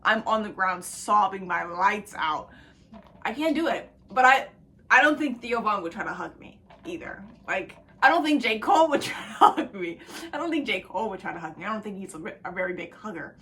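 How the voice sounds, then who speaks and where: A young woman talks straight to camera in a loose, rambling vlog, hopping between tangents with lots of swearing. Her voice is bright and forward, swinging from excited bursts to near-whispered asides. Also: mid-range voice, a little fast, a little hiss or hum. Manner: rambling, excitable, profane, laughs and drops to whispers. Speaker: book vlogger. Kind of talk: casual chat to camera.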